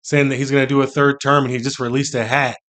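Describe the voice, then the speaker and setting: A man's voice: medium pitch, level tone, fast talker, a bit bright. A man hosting a reaction video, talking casually and sounding incredulous. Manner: incredulous and chatty. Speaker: reaction channel host.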